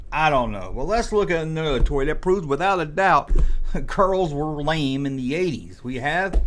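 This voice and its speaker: A man in his forties hosting a comedic rant, sarcastic and full of mock exasperation. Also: a little high. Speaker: host.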